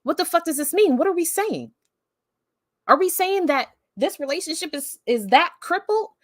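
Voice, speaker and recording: A woman's voice: very high voice, lively intonation, normal speed, no room sound, clean studio sound. A woman hosting a live stream, talking bluntly and emphatically with heavy swearing in casual commentary. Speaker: livestream host.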